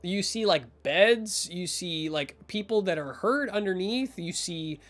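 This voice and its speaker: A man's voice: high-pitched, lively intonation, a little slow, a bit bright. A man narrating as game master in a rambling way, full of fillers and restarts.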